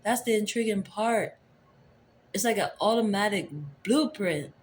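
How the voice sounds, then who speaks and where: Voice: medium pitch, measured pace. An adult tarot reader giving a casual, rambling spiritual reading into a phone camera, returning to the same phrases. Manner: rambling, repeats favorite phrases.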